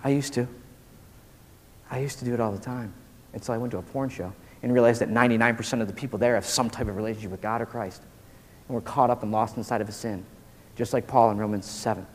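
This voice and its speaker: A man in his forties preaching a casual, slangy sermon to college students, animated and full of "dude" and "man". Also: medium pitch, fast. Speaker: pastor. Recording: long hall reverb.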